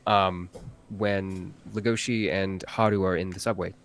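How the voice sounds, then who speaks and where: A man, a voice actor guest on a live-stream interview, talking earnestly and haltingly with many restarts. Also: deep voice, steady tone.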